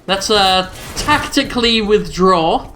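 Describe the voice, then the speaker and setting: A man's voice: high-pitched, expressive, slow pace, pushed and bright, slight background noise. A man giving sarcastic, jokey commentary while playing a shooter game. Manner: jokey, mocking, exclaiming at the game. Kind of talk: sarcastic let's-play commentary.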